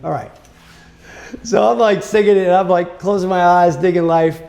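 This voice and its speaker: Gravelly, chatty male storyteller. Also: high-pitched, normal speed, faint music behind. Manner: animated, chatty, with many fillers. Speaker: guitarist telling a story. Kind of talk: casual storytelling to camera.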